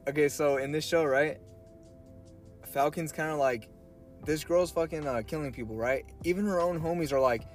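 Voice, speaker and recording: A man's voice: fairly high pitch, moderate pace, soft background music. Young man in rowdy podcast chat. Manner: animated, swearing, acts out characters' lines. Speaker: podcast co-host. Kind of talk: casual chat.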